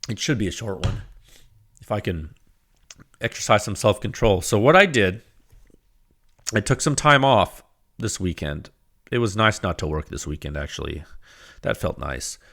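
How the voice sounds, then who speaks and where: A man hosting a casual solo podcast, rambling and animated, with frequent restarts, laughs and acted-out quoted exchanges. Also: lowish voice, a little slow, vocal fry, pauses often. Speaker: podcast host.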